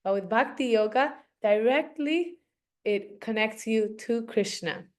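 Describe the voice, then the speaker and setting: A woman teaching children in a casual, animated storytelling manner, with many fillers. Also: fairly high pitch, a little slow. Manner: animated, conversational, frequent fillers.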